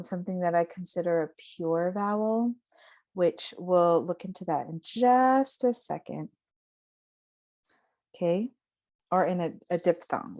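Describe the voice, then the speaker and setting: A woman giving a phonetics lesson, slowly modeling vowel sounds and example words. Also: mid-range voice, a little mellow. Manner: slow, careful, modeling sounds. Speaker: teacher.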